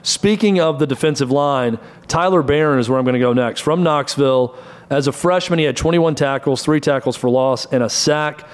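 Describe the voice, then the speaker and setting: Stat-rattling male sports show host. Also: on the high side. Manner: brisk, rattles off stats in short bursts. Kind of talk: college football analysis.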